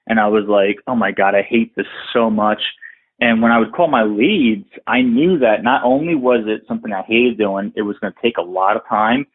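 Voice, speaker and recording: Low-voiced man on a tinny line. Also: slightly rough. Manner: candid, rambling with frequent restarts. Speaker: podcast guest, outsourcing business owner. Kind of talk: casual interview talk.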